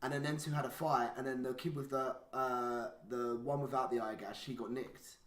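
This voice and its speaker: In an echoey room, a young man co-hosting a podcast chats casually through a story full of swearing and constant "like"s. His voice sits at medium pitch, with a steady tone and a moderate pace.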